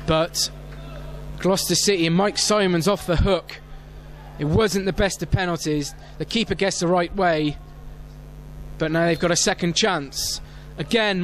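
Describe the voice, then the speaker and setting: Male club radio commentator with a high voice, lots of hesitations, loud at big chances. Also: fairly even intonation, moderate pace, slight background noise. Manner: reads team sheets with many fillers, rises sharply at big moments. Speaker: football match commentator. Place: outdoor football stadium.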